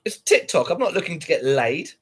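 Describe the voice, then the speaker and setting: A man with a husky, slightly high voice chats on a livestream, bluntly answering viewers and swearing freely. His pitch swings widely as he talks, giving him a lively, up-and-down delivery. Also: fairly quick. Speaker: livestreamer reading chat. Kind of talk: casual livestream chat.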